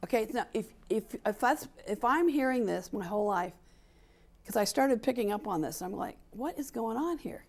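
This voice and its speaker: Gravelly older woman, emphatic. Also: medium pitch, lively intonation, moderate pace, darkish tone. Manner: emphatic, acts out quoted dialogue, repeats for stress. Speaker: interview guest, sports equality advocate. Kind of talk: candid interview conversation.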